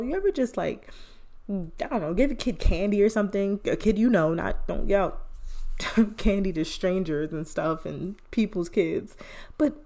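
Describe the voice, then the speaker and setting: A woman's voice: medium pitch, gravelly, a little mellow. A woman hosting a podcast, speaking in an earnest, encouraging casual monologue. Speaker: podcast host. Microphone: phone headphone mic or podcast mic.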